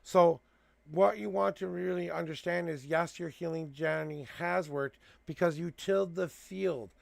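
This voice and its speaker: This tarot reader livestreams from home, where a cat keeps him company, counting cards and then sincerely encouraging and blessing his viewers. He speaks unhurriedly in a slightly high, steady, creaky voice, with no room sound.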